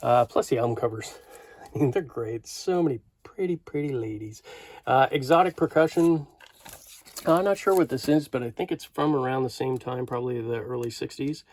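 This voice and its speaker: A man's voice: medium pitch, normal speed, a little mellow. Rambling enthusiastic middle-aged man. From Canada. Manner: rambling, enthusiastic, many fillers. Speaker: record collector vlogger. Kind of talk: casual vlog.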